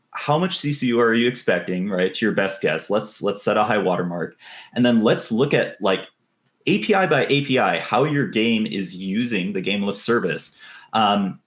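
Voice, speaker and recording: A man explaining his service in a casual podcast discussion, relaxed and peppered with "um" and "right?". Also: lowish voice, reverberant. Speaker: game server service specialist.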